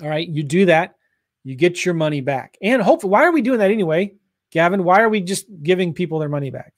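A man from St. Louis coaching real estate investors on a livestream, pushing hard in an energetic sales style. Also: sits high, fast, dry recording, studio quality. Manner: pushy, energetic sales talk.

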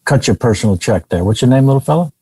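A man's voice: mid-range voice, animated, fast, mellow, slightly rough, no room sound. A man playing a smarmy, dismissive game-show host in an improv comedy scene. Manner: brushing people off, breezy.

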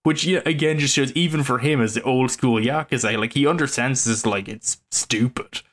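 A man's voice: medium pitch, normal speed, a bit bright. A man co-hosting a casual film podcast, rambling with lots of fillers and restarts. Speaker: podcast co-host.

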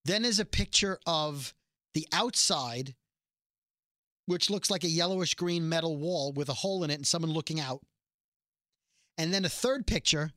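Male podcast co-host, rambling casual chatter, slightly high and bright. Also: normal speed, long pauses, dry recording, studio quality. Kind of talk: casual chat.

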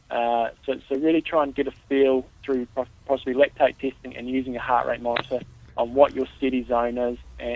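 A man co-hosting a casual podcast as a triathlon coach, patiently giving steady, practical training advice. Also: medium pitch, no echo. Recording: tinny phone-like line, dry.

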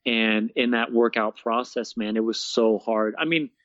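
A young man, a guest, casually telling his story in an interview, animated and laughing often, peppering his talk with "man" and "bro.". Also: medium pitch, measured pace, no echo. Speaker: guest, fitness coach and speaker. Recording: dull, dry lo-fi sound.

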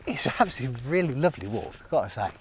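A man's voice: mid-range voice, sing-song, racing, slight background noise. A man podcast co-host chatting casually while walking in the countryside, with dry teasing quips. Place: outdoors, countryside walk.

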